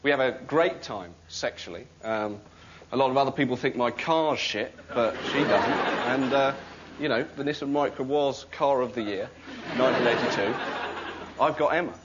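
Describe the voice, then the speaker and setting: A man's voice: mid-range voice, normal speed, some chatter behind. A man doing a wry, rambling comic monologue in front of a laughing audience. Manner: rambling, wry confessional delivery. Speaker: sketch comedian. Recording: dull recording with loud noise.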